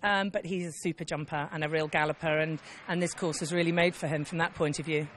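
A woman rider being interviewed after competing, speaking in a measured, self-deprecating way and laughing at herself. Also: low-pitched, steady tone, slight background noise. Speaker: event rider.

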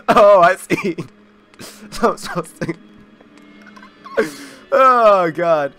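Young-adult let's play host, jokey and animated, talks to the screen. Bright, lively delivery. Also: medium pitch, very slow, long pauses, smooth, dry recording, faint music behind. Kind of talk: video game playthrough commentary.

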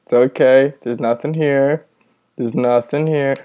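A man talks into a headset from his room at night as he reacts to a horror game. His voice is mellow and rounded, sitting at an average pitch. He sounds jumpy and nervous, swears a lot, and keeps talking to the friend he is playing with. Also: fairly even intonation, measured pace. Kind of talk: casual gaming commentary. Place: room at home with the lights on, at night.

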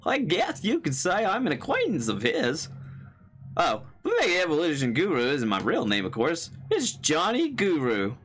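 A man's voice: sits high, wildly swooping pitch, a bit bright, soft background music, pitched above the performer's own voice, exaggerated voice. A man doing a goofy fake-French guru. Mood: pompous. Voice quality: bad mock French accent. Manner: silly, slowed, drawn-out delivery. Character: goofy male Mega Evolution guru with fake French accent.

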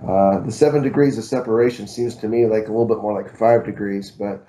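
A man's voice: fairly low pitch, steady tone, fairly quick, dark tone, a little hiss or hum. A middle-aged man, a martial arts instructor, telling a long story in an interview, rambling with fillers and poking fun at himself. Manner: rambling, many fillers and restarts, self-deprecating humor.

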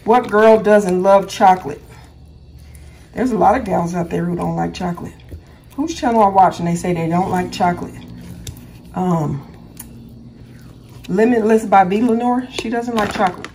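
A woman's voice: mid-range voice, noisy background. A woman hosting her own cooking channel from a home kitchen. She chats casually as she works, rambling, stumbling over her words and correcting herself. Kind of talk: casual cooking vlog chat.

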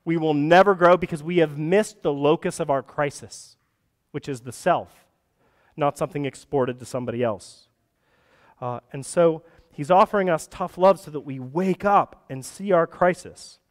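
A man's voice: fairly high pitch, moderate pace. Man preaching in a reverberant church. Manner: earnest preaching with conversational asides and restarts. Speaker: pastor. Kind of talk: sermon. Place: church sanctuary. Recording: long reverb of a church hall.

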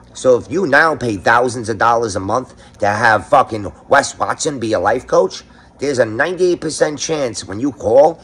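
Husky, crude New York ranter. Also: male voice, medium pitch. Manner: sarcastic, crude, swears constantly. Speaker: commentary host. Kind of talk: profane comedic rant.

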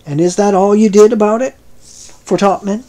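An irascible old sailor, voiced by a man, snapping out gruff demands at a quick clip. His voice pitches up and presses forward. Read aloud like a storybook. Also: steady tone, warm tone, natural voice.

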